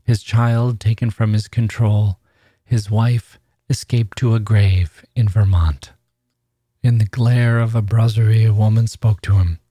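Podcast host as narrator: man, low voice, measured literary reading, dry sound. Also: steady tone, dark tone, husky, no room sound.

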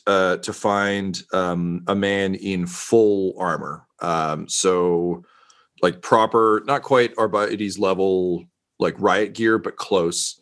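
Man, game master, low pitch, halting narration, lots of fillers. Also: fairly bright tone. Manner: halting, full of ums.

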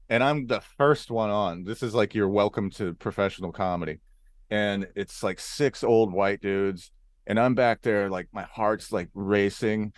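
A man from Arizona, a comedian guest, telling stories in a casual podcast chat with an animated delivery, now and then jumping into voices. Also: lowish voice, no echo. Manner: animated storyteller, jumps into character voices.

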